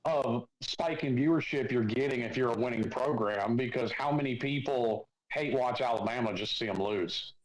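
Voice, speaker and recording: A man's voice: medium pitch, normal speed, hardly any pauses, echoey room, rough recording. A man co-hosting a sports podcast, blunt and sarcastic, swearing freely in casual talk. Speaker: podcast co-host.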